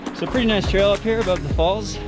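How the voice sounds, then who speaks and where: A man narrating a trail run out loud in a casual, enthusiastic way, out of breath as he climbs a high mountain trail outdoors. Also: quick pace, over music. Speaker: trail running vlogger and coach. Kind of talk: casual vlog narration while running.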